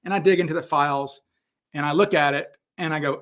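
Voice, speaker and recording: A middle-aged man hosting a casual question-and-answer stream, telling anecdotes in an animated way with many fillers and restarts. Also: a little high, a little fast. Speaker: host answering viewer questions. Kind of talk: casual livestream Q&A.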